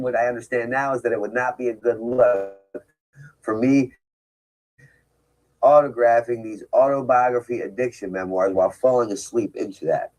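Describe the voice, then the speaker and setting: A man's voice: medium pitch, darkish tone, poor audio. A man giving a candid, emphatic talk about his past, with frequent rhetorical asides. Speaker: speaker telling his recovery story. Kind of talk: personal storytelling talk.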